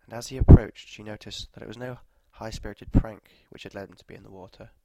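A man narrating a scripted story in a measured, even delivery, with walking directions at the end. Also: lowish voice, dry recording, poor audio.

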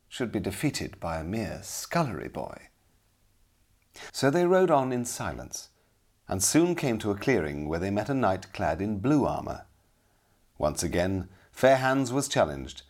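A man narrating a storybook with expressive, dramatic storytelling. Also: low voice, breathy edge.

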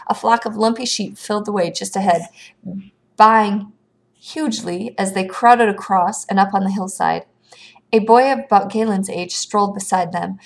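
A woman reading a children's fantasy novel aloud, her storytelling steady and expressive. Her voice sits at a mid pitch for a woman, and she carries the narration at an even, unhurried flow. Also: gravelly. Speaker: audiobook reader.

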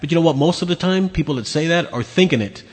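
A man's voice: a little high, animated, fast, long reverb tail. A man hosting his own podcast, ranting bluntly and sarcastically with lots of swearing. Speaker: podcast host. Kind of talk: opinionated solo rant.

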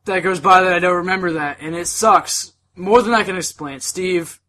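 Young male podcast host, slightly high, bright tone, halting and emotional delivery. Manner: earnest, halting, many fillers. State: emotional, holding back tears. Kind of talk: casual chat.

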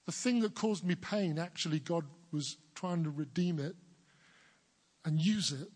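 A pastor in his forties from England preaches with a big, booming voice that sits fairly high. He builds earnestly toward emphatic declarations. His words ring out with a long echo, as in a church hall. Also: measured pace, a little mellow. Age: 40s. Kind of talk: sermon.

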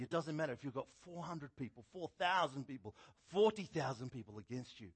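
A middle-aged man preaching a sermon, telling a Bible story in a conversational, animated way with a husky voice. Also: medium pitch, fairly quick. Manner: animated storytelling, acting out quotes loudly.

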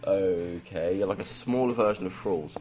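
A man's voice: deep voice, normal speed, dark tone. A young English man hosting a podcast, rambling and self-deprecating, with lots of ums. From England. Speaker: podcast host. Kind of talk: casual podcast banter.

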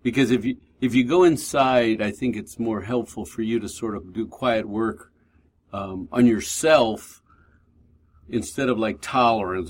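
A man's voice: on the low side, measured pace, slight background noise. A man hosting a faith-based recovery radio talk show, reflective and talking through his inner thoughts aloud.

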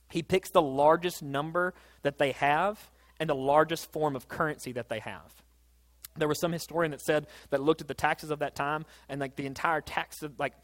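A man preaching a sermon, telling a Bible story in a casual, animated way that builds to excited peaks. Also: a little high. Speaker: pastor.

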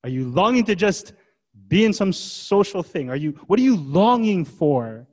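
A man's voice: sits high, sing-song, moderate pace, darkish tone. A man preaching a sermon as pastor, in a casual, conversational way full of rhetorical questions. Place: church gathering.

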